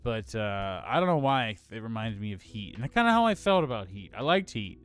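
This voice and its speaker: A man's voice: on the low side, very animated, brisk, fairly bright tone, clear, resonant tone. A young man co-hosting a casual film podcast, hedging and filling his talk with "like". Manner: loose, hedging, many "like"s. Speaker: podcast co-host.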